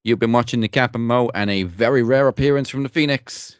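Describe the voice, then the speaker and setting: A man's voice: medium pitch, a little fast, clean tone, no room sound. A man co-hosting a podcast, signing off in a loose, joking way with casual swearing. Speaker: podcast co-host.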